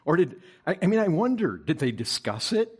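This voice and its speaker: A man's voice: a little high, big pitch swings, fairly quick, husky. A man preaching a sermon to his congregation, reading scripture aloud, asking the listeners questions and building to emphatic, stressed bursts. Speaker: pastor.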